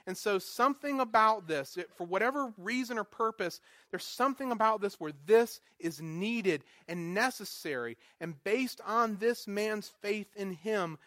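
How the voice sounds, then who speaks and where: Male pastor, sermon, high voice, rhetorical questions, quiet asides, dry close sound. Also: no echo.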